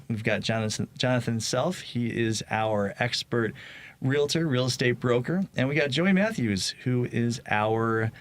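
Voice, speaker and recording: A man with a Chicago accent hosting a casual real estate talk show, joking and rambling as he introduces guests. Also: medium pitch. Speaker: podcast host. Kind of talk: casual chat.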